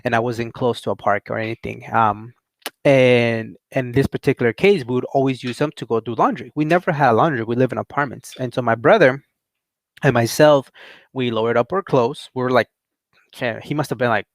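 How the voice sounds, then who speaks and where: A young man hosting his channel, telling a story in a casual, rambling way with frequent laughs and lively quoting of others. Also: mid-range voice, fairly quick, no room sound. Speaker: channel host.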